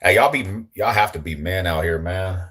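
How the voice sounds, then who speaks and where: A man's voice: deep voice, moderate pace, a bit bright. A young man hosting a casual livestream, joking in slang and greeting viewers in the chat. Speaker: livestream host.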